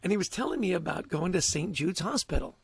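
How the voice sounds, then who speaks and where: A man telling stories as a guest in a casual interview, lively and quick to laugh, often repeating words as he speaks. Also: high voice, gravelly, slightly rough, no room sound.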